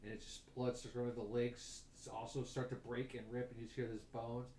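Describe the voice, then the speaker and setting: A man's voice: mid-range voice, level tone, fairly quick, mellow, slight background noise. A man running a tabletop game as game master, telling gory scenes with vivid detail and chuckles. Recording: echoey room.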